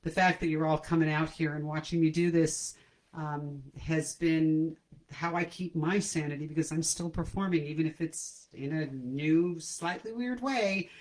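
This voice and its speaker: A woman's voice: low voice, normal speed, a little mellow, rough recording. Chatty woman hosting a comedy livestream. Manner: chatty, self-deprecating, laughs at her own jokes. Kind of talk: casual chat to a livestream audience. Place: at home. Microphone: computer camera mic.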